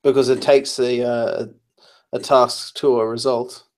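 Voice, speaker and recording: A man's voice: medium pitch, little pitch movement, a little slow. Tired man explaining code, full of ums. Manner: explanatory, hesitant with many fillers, tired. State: tired, late at night. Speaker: programmer giving advice. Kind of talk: casual pair-programming chat.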